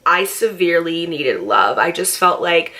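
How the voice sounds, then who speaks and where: A woman's voice: fairly low pitch, very animated, a little slow, sharp tone. A young woman in a casual storytime vlog, chatty and profane, with a lot of "like". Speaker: vlogger.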